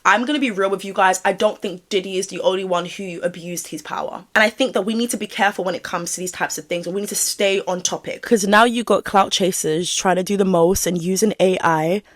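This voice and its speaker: A woman's voice: mid-range voice, a little fast, few pauses. A woman giving casual commentary on a video channel, speaking frankly and straight to her viewers. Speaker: YouTube commentator.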